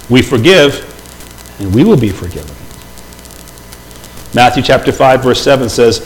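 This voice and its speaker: A middle-aged pastor preaching a sermon in church, conversational and often asking the congregation questions. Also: male voice, mid-range voice, fairly bright tone, poor audio. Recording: faint background noise.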